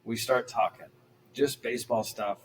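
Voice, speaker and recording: A middle-aged man, a former pro pitcher, telling stories casually as a podcast guest and acting out the people he quotes. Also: normal speed, slight background noise, poor audio. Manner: animated, acts out quoted voices. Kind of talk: casual storytelling.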